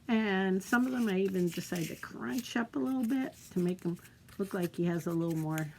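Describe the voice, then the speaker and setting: A woman leading a children's storytime as librarian, gently explaining a craft and reading a picture book aloud. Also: mid-range voice, normal speed, creaky, noisy background. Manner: gentle, encouraging, talks to kids.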